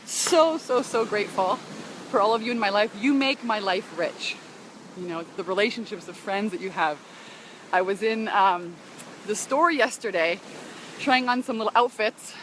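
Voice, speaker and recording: A woman's voice: medium pitch, moderate pace, fairly bright tone, slight background noise. A woman live-streaming on a beach walk, talking casually and emotionally to her followers, often laughing and sighing and greeting viewers by name. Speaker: business coach broadcasting live to followers.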